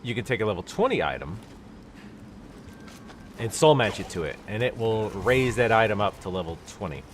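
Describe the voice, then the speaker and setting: A man's voice: lowish voice, very animated, normal speed, slight background noise. A man with a stuffy nose giving casual, rambling commentary while he plays a game on a live stream. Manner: rambling, explanatory, with many fillers. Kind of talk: casual let's-play commentary.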